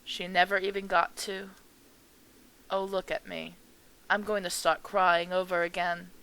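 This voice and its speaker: Casting: woman playing a grieving elderly mother in a game, soft and slow, smooth tone. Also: on the low side, little pitch movement, rough recording.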